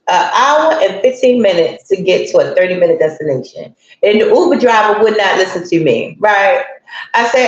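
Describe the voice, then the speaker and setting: Chatty woman on a live stream, talks slow, lots of echo, kinda muffled audio. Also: fairly high pitch. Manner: chatty, greets viewers mid-story, colloquial. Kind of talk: casual storytelling to live chat. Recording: very echoey room, dull lo-fi sound.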